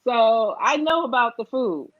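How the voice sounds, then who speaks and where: A woman's voice: on the high side, lively intonation, unhurried, phone-quality sound. A woman with a New Jersey accent, a political candidate on an online panel, speaking earnestly and emphatically and often asking "right?".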